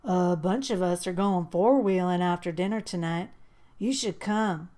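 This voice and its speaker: A woman voicing a big, shy teenage boy with a Southern accent and a soft drawl. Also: high-pitched, measured pace. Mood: shy friendly.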